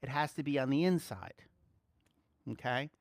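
A man preaching a sermon, swinging between soft, quiet asides and loud, excited exclaiming. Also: medium pitch, moderate pace, no room sound, clean studio sound.

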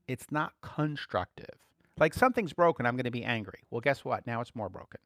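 Relaxed, chuckling man preaching. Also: mid-range voice, a little fast, no room sound, clean studio sound. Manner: relaxed, chuckles often, repeats key phrases. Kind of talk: conversational teaching.

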